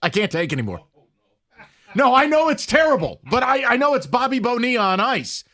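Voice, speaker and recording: Animated, exasperated male sports radio host. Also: very high voice, fairly quick, no echo. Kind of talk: sports talk radio banter. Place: radio studio.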